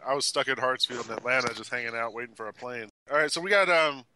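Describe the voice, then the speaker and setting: Bright-voiced man hosting a podcast. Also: medium pitch, fast talker, slight background noise. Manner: easygoing, laughs often. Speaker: podcast host. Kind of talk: casual sports chat.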